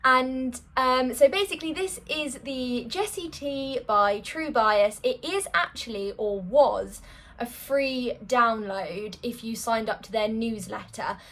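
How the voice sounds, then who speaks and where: A woman's voice: fairly high pitch, slow, a bit bright. A woman chatting casually to camera about her sewing, a bit out of breath and rambling in a self-deprecating way. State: a little out of breath. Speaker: sewing vlogger.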